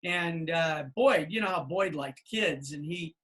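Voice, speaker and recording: A man's voice: a little high, unhurried. Man in his fifties telling stories. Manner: anecdotal, animated retelling with many fillers. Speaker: podcast co-host. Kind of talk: casual storytelling chat.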